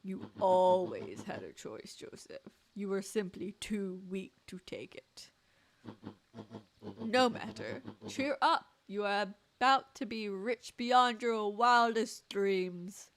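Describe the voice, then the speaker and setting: A woman's voice: medium pitch, animated. A woman voicing a scheming elderly male villain in a game playthrough, gloating and theatrical. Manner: slow, gloating, theatrical delivery. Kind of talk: video game voice acting on a playthrough.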